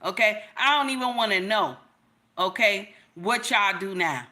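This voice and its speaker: Middle-aged woman livestream host, bright voice, emphatic and repetitive. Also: medium pitch, expressive, measured pace. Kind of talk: casual livestream commentary.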